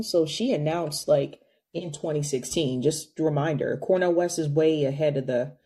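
A woman's voice: sits low, husky. A woman hosting a live call-in podcast, chatting casually and addressing her listeners directly. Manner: animated, talks directly to listeners. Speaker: podcast host taking calls.

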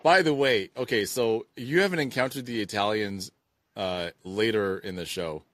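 A podcast co-host with a fairly low voice chats casually, animated and quick to jump into impressions. The recording has no echo.

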